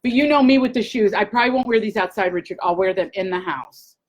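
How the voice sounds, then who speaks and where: A woman hosting a casual live chat, gushing and excitable, talking straight to her viewers. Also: mid-range voice, fast, dull audio. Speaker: host.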